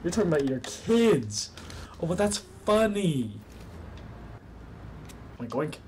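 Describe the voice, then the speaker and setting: A man's voice: on the high side, big pitch swings, slow pace, a little mellow, a little hiss or hum. Goofy young man joking over gameplay. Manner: goofy, talking back to game characters. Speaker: gaming YouTuber. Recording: gameplay audio with sirens under voice.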